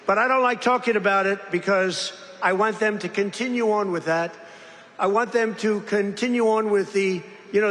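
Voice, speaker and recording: A man's voice: sits high, normal speed, fairly bright tone. An older man giving a rambling, boastful political speech with mocking asides, in a large industrial hall. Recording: echoey hall, faint crowd ambience.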